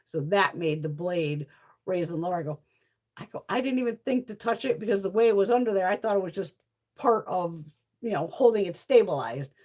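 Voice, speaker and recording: A middle-aged woman with a fairly low voice speaks fairly quickly in a casual vlog chat. As a beauty vlogger, she tells animated stories, cursing freely and laughing often.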